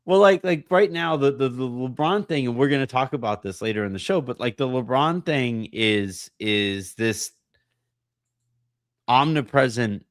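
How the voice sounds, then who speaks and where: A man hosting a casual podcast, hoarse from a voice that partly went away, rambling and self-deprecating with lots of fillers and restarts. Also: medium pitch, measured pace, dry recording, clean studio sound. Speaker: podcast host.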